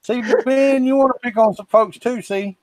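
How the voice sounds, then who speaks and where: A man's voice: very high-pitched, normal speed, darkish tone, no room sound. A man from Florida with a Southern accent, co-hosting a livestream in casual, teasing, rambling chat. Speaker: co-host of a livestream.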